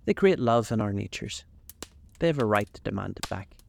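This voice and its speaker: A man voicing an earnest, idealistic young gentleman in a storybook reading, speaking eagerly. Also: fairly low pitch, lively intonation, brisk, creaky, a little hiss or hum.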